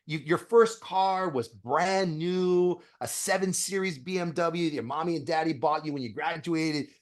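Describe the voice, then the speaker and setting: A man who is a dentist, a guest on a podcast interview, talking bluntly with profanity and animated storytelling. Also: on the high side, moderate pace.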